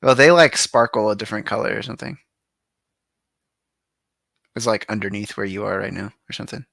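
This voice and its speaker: A man's voice: fairly low pitch, a little fast, vocal fry, sharp tone, no room sound, studio quality. A man co-hosting a gaming podcast, easygoing in casual chat and laughing often. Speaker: podcast co-host. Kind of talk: casual chat reviewing gameplay.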